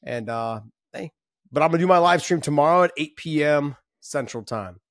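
A man's voice: on the high side, animated, moderate pace, no room sound. Podcast guy co-hosting, chill jokey chat, dry close mic. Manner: loose and joking, talks over others. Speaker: podcast co-host. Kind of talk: casual chat.

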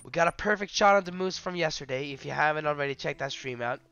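A man streaming a hunting game, talking to his viewers in excited, rambling commentary. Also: a little high, fast, smooth. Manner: excitable, yelling in bursts then whispering to prey. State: hyped and emotional. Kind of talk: live gaming commentary.

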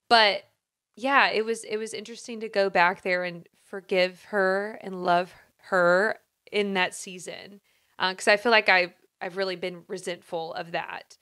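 Female podcast co-host with a crisp, bright voice, candid and heartfelt. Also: mid-range voice, fairly even intonation, normal speed. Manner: open, emotional storytelling. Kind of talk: casual podcast conversation.

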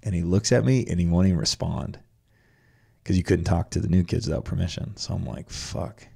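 A man with a low, gravelly voice tells his own story in casual conversation. He is blunt and swears freely, slipping into his younger self's reactions as he talks. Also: a little fast, warm tone. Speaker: podcast guest telling his story.

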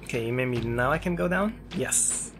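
A man giving let's play commentary on a horror game, excitable and yelping whenever something startles him. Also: unhurried. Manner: excitable, yelps and jumps high when scared. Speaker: gaming YouTuber. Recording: game music playing behind.

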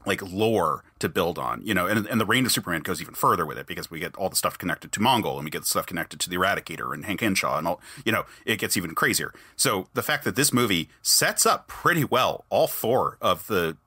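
A man's voice: sits low, expressive, fast talker, hardly any pauses, pushed and bright, husky, dry recording. A man hosting a podcast, talking casually and enthusiastically in a rambling way with many restarts. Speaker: podcast host.

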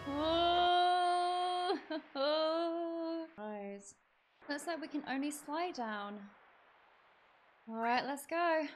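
A woman streamer giving excited, gushing let's-play commentary, reacting aloud to the game. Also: high-pitched, slow, pauses often, soft background music. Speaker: gaming streamer.

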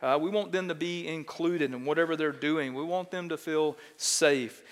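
Middle-aged texan pastor preaching, kinda high voice, big echoey church hall, animated storyteller. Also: male voice, normal speed. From Texas. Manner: animated, self-mocking storyteller, often asks "right?". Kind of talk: sermon with storytelling. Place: large church sanctuary. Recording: long church hall reverb.

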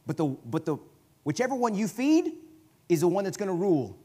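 Man preaching with sudden loud bursts. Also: sits high, big pitch swings, a little fast, husky. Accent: Southern US. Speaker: guest preacher. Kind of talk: sermon. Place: church sanctuary.

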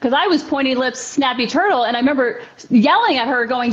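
A high-pitched woman hosts a podcast, talking in an animated way as she tells stories about her family. Her voice comes through a dull, lo-fi recording. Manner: animated, storytelling, quick backchannels. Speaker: podcast host. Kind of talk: conversational interview. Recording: dull lo-fi sound.

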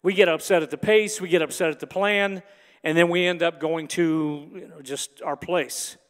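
Pastor, male, high-pitched voice, preaching to a congregation with long hall echo. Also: fairly even intonation, moderate pace. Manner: builds from hushed reflection to emphatic preaching. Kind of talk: sermon. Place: large church hall.

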